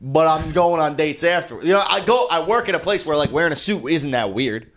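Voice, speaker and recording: With a slightly high voice and a brisk pace, a young man co-hosting a comedy podcast recounts stories animatedly in loose conversation, swearing freely throughout.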